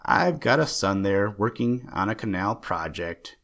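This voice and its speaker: A man voicing a fussy, excitable old male stamp collector with a chattering, genteel manner. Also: lowish voice, a little slow, vocal fry, full character voice. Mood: earnest. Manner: chattering, genteel, easily indignant.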